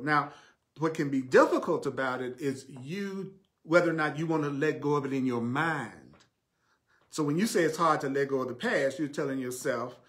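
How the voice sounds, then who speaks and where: A man's voice: fairly high pitch, fairly bright tone. A man with a Southern accent giving a livestreamed spiritual teaching, stressing points by repeating phrases and asking his listeners rhetorical questions.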